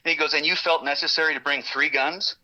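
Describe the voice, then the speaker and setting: A man tells his story with a very bright, cutting edge to his voice. He talks in a lively way, swears a lot and acts out each line of the exchange. The sound is narrow, like a radio broadcast. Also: fairly high pitch, fast talker. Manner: lively, profane, laughs often, acts out the dialogue. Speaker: guest telling an encounter story. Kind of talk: animated storytelling.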